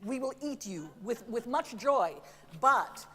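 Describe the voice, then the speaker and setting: Lively woman coaching singers in a theater. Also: on the high side, takes it slowly, breathy edge, long reverb tail. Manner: lively, demonstrative, sings examples between remarks; chatty, apologetic humor. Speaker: voice teacher. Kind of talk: masterclass coaching. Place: theater stage.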